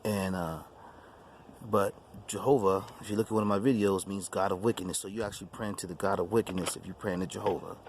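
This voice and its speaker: Guy with a lowish voice telling his own story, keeps repeating lines, bit of faint hiss behind. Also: fairly even intonation, fast. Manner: repetitive, emphatic, restarts phrases. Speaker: YouTube channel host. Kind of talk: personal testimony storytelling.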